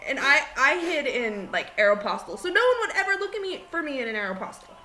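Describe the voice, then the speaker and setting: Bubbly high-voiced woman, animated. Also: fast, rough recording. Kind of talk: casual comedic chat.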